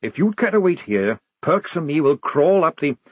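A man voicing a gruff, burly old army sergeant who barks curt orders. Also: a little high, big pitch swings, moderate pace, no room sound, voice pushed up. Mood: hissing. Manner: barking, curt commands.

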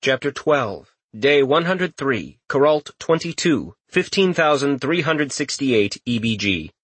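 A man reading an audiobook aloud in a lively, expressive way. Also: mid-range voice, unhurried, husky, dry recording. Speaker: audiobook narrator. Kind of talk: scripted narration.

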